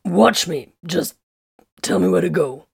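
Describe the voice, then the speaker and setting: A gruff male battle priest who growls his words and speaks flatly, curt and unimpressed, as a woman narrator puts him on. The voice sits low and the recording is dry and close. It is a figure from a read-aloud fantasy story. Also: unhurried, no room sound, heavily acted.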